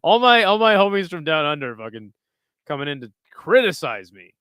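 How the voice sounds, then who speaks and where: A man's voice: a little high, very animated, brisk, bright, forceful tone, clean tone, dry recording, clean studio sound. A man hosting a casual livestream, bantering with chat in a profane, joking way. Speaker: livestream host.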